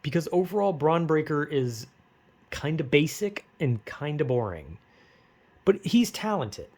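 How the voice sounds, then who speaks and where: A man's voice: a little high, big pitch swings, measured pace, darkish tone. A man ranting casually and rambling with lots of fillers, getting frustrated and swearing often. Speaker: wrestling fan vlogger. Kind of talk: casual rant.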